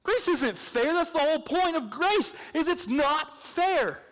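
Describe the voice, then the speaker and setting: A man preaching an evangelistic sermon, swinging between hushed intensity and loud emphatic points, with chatty storytelling asides. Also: extremely high pitch, expressive, a little slow. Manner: conversational storytelling with fillers. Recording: long reverb of a large hall.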